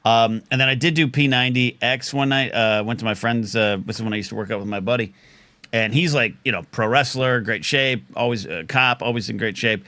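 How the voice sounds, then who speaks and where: A man's voice: medium pitch, fairly quick, sharp tone, no echo. A man in his forties hosting a live talk show, rambling and self-deprecating in casual banter.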